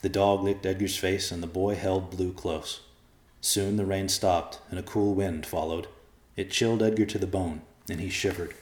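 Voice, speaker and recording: A man with a very deep voice reads a dark story in a measured, grave way. The reading rings in an echoey room. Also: fairly even intonation. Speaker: narrator. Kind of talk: dramatic audiobook narration.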